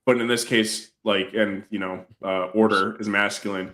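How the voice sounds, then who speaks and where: A man on a podcast panel, rambling excitedly about a film with slangy talk. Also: fairly low pitch, normal speed. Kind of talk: casual film discussion.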